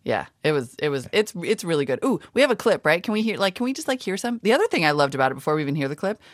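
A woman's voice: low voice, sing-song, very fast, dry recording, clean studio sound. A woman co-hosting a podcast, chatting enthusiastically and often interrupting herself. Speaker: podcast co-host. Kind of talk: casual chat.

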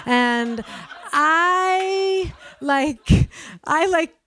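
A woman's voice: extremely high pitch, animated, very slow, a bit bright. A woman from New York telling a personal story in the first person, chatty and full of fillers, often laughing at herself.

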